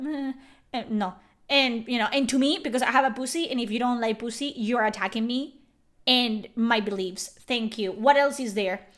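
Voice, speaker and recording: A woman streamer ranting to her chat in a profane, sarcastic way, loud and venting. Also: on the high side. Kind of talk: angry livestream rant.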